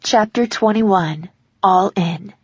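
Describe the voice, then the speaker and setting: A woman narrating a first-person romance audiobook in a measured, reflective way. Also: mid-range voice, slightly rough, no room sound, highs cut off.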